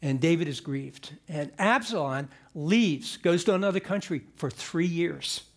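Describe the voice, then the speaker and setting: High-voiced man preaching in a lively storytelling way. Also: measured pace. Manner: animated storyteller with joking asides and frequent restarts. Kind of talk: conversational sermon retelling a Bible story.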